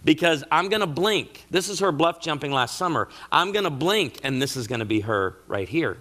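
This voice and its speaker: At a marriage conference, a middle-aged man delivers a humorous, sermon-style talk, animatedly telling family stories with comic asides. His voice is on the high side at a normal speed.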